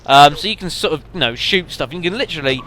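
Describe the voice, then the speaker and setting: A man's voice: a little high, expressive, fast, bright, forceful tone. A young man giving rambling, casual commentary on a game he is playing, with fillers and sudden exclamations. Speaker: let's play commentator.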